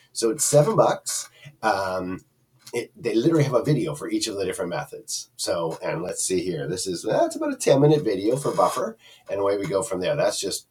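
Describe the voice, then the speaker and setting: Casual reviewer, low lively voice, chatty and meandering, recorded slightly distant from the mic. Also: male voice, husky. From Canada. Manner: rambling, chatty, many fillers and restarts. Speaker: product reviewer. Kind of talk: casual screen-share review.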